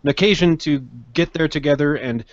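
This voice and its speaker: A man's voice: a little high, fairly quick, no echo. A man, being his first tongue, chats in a hesitant way with many restarts. The recording is dry and dull, with little room sound and a narrow lo-fi tone. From Quebec, Canada. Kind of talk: casual chat.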